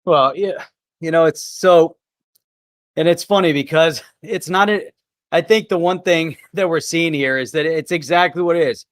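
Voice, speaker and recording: A man's voice: a little high, normal speed, dry recording. Chatty man with a dry close sound. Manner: laughs often, chatty. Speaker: co-host of a live crypto show. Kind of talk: casual chat.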